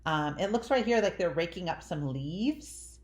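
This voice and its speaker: A woman teaching young children a phonics lesson in an animated, drawn-out sing-song teacher voice. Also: fairly low pitch. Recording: echoey room.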